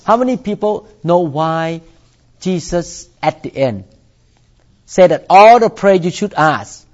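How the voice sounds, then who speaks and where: Man, pastor, sermon, slow, slightly high voice. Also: lively intonation, muffled recording. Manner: slow deliberate preaching, repeats for emphasis.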